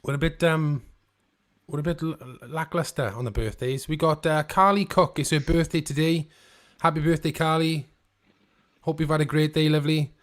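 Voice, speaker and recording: A British man co-hosting a band podcast over a video call, talking in a relaxed, hesitant way with many pauses. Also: a little high. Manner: relaxed, hesitant, lots of ums. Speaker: podcast co-host. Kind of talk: casual chat.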